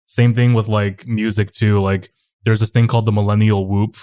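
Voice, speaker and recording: Guy on a podcast, lowish voice, rambly, says like a lot. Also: little pitch movement, normal speed, warm tone. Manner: rambling storyteller, many "like" fillers. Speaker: podcast guest. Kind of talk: casual podcast chat.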